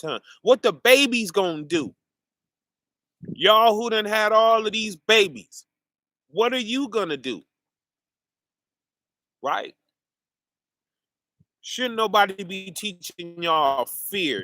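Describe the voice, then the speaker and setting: Male preacher, slow and deliberate, dry and close-miked. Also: sits high, sharp tone, no echo. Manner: rhetorical questions, calling out to listeners. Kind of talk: informal preaching monologue.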